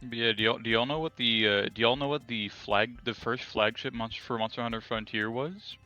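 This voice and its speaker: A man's voice: medium pitch, fairly even intonation, fairly quick, sharp tone, lo-fi sound, faint music behind. A young man in casual chat with friends, quizzing them on monster trivia with enthusiasm and plenty of swearing.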